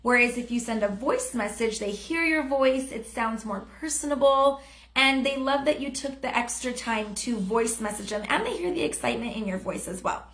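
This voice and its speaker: A woman in her thirties runs an upbeat, chatty sales training live from a room at home, frequently acting out sample messages. Her voice is fairly high and fairly bright, at normal speed, with reverberation picked up by a phone or webcam mic.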